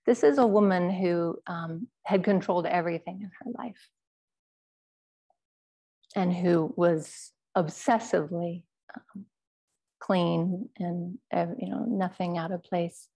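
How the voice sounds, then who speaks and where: A woman Zen teacher telling a personal story in a dharma talk, speaking in a quiet, measured, halting way. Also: lowish voice, gravelly, breathy edge.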